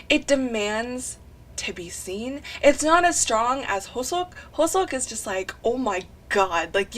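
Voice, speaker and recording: A young woman talking over her drawing video, gushing and rambling excitedly with sighs and lots of "like". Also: a little high. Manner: rambling and breathless, often saying "like". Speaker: artist narrating a drawing video. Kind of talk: casual chat voice-over.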